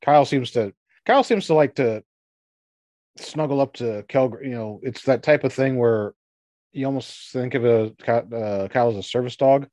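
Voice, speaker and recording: A man in the game master's seat, describing the scene in a casual, wandering way. His voice sits at an ordinary middle pitch and is recorded close and dry, with no room sound. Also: moderate pace, a little mellow, no echo. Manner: loose, rambling with frequent fillers. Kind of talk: narrating a tabletop game.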